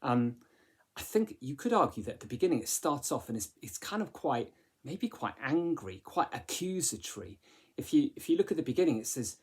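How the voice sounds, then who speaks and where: A man's voice: a little high, very animated, fairly quick, darkish tone, husky. A man teaching a literature lesson in a chatty way, with many fillers and rhetorical questions. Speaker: English teacher.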